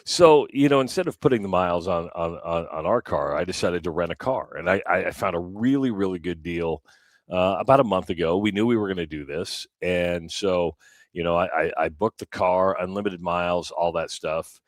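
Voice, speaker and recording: Radio co-host, male, very low voice, dry studio sound, lively storyteller. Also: moderate pace, no echo. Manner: animated, acts out quoted voices. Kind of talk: casual storytelling on morning radio.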